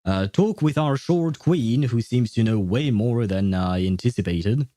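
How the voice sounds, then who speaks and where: A man's voice: medium pitch, animated, a little slow, warm tone, dry recording, clean studio sound. A man streaming a game, chatting casually and thinking aloud with many fillers and restarts. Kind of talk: casual livestream chat.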